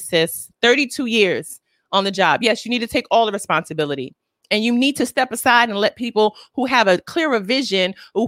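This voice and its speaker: A woman's voice: a bit bright, no room sound. Brooklyn woman host, sassy sarcastic commentary, very dry close sound. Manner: sassy, sarcastic, emphatic with swings into high exclamations. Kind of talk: sassy scripted news commentary.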